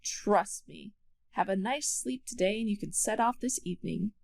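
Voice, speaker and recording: A woman's voice: mid-range voice, moderate pace, vocal fry. A woman voicing a sleepy old owl teacher. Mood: gentle. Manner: sleepy, yawning, gentle. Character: tired, kindly male owl schoolteacher. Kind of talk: children's storybook read-aloud.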